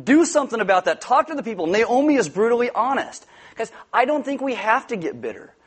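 A male pastor with a notably high voice delivers a sermon. He talks to the congregation in a loose, joking way and now and then breaks into loud outbursts. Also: very animated, brisk, slightly rough. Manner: joking, conversational preaching with sudden loud outbursts. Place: church before a congregation.

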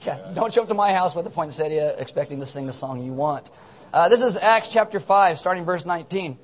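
High-voiced man, rambling joking pastor. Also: animated, a little fast. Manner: rambling, joking, self-mocking. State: drowsy on cold medicine. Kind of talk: casual sermon with announcements. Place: church service.

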